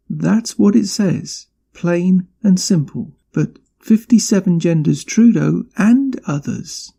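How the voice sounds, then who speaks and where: Man, podcast host, indignant rant, gravelly, very dark and mellow tone, emphatic. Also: on the high side. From not from Canada. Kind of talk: angry political commentary.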